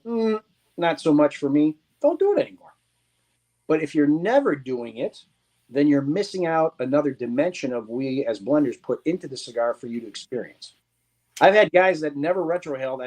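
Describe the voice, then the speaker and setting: A middle-aged man talks in a relaxed, teaching way, his voice sitting a little high. He is animated and often slips into quoting other people to make his point. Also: a little fast. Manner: animated, teaching tone, acts out quotes. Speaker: guest, cigar blender. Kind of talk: casual explanatory chat.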